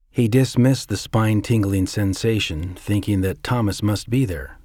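A man reading a suspenseful story aloud in a measured way. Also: fairly low pitch, a little mellow, no room sound, clean studio sound. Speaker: narrator. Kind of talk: scripted story narration.

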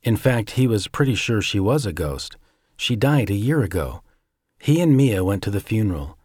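A man with a fairly low voice narrates a suspenseful story at a measured pace. The sound is close and dry, with no room echo. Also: big pitch swings, darkish tone.

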